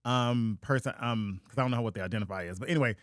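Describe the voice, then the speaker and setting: Fast-talking playful male podcast host. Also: mid-range voice, no echo, studio quality. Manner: playful, teasing. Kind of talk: casual chat.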